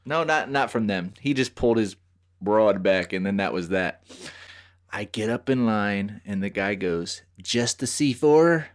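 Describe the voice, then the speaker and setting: With a voice on the low side and a measured pace, this podcast host tells animated stories in casual conversation. He swears freely and acts out different voices.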